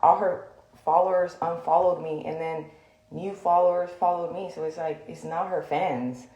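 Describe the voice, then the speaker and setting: A woman's voice: fairly low pitch, fairly even intonation, normal speed, dark tone, echoey room, lo-fi sound. Heated woman ranting on a livestream. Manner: heated, confrontational, lots of fillers. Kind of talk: venting on a livestream. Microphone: phone.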